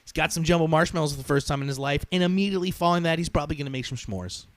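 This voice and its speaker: A man's voice: on the high side, rapid-fire, dry recording. A man hosting a podcast who tells a story in a sarcastic, profane rant. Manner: animated, sarcastic, swears often. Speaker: podcast host.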